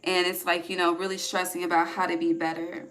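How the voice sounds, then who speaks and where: A woman's voice: fairly low pitch, little pitch movement, fairly quick, fairly bright tone, a little hiss or hum. A woman giving a casual, rambling tarot reading, laughing often and trailing off mid-sentence. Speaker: tarot reader.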